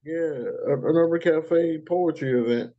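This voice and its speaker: Chatty host with a dull lo-fi sound. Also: male voice, fairly high pitch, measured pace, dark tone. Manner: chatty, with frequent fillers and laughs. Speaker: podcast host. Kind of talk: casual countdown show chat.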